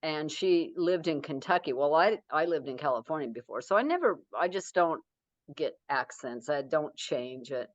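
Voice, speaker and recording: A woman's voice: low voice, lively intonation, normal speed, no echo, dull audio. A middle-aged woman author talking casually in an interview, rambling with many fillers and restarts.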